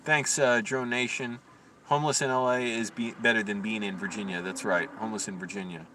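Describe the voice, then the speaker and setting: A man ranting through a casual live-stream story, swearing freely and sounding indignant about it. His tone is bright and a little forceful. He sits back from the microphone, with a faint hiss of background noise behind him. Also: lowish voice, steady tone, fairly quick, distant mic.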